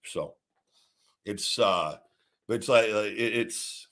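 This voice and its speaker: A man's voice: lowish voice, slow, a bit bright. A man hosting his own show, ranting in a casual, rambling monologue full of swearing, retelling conversations as quoted dialogue and repeating himself. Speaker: show host.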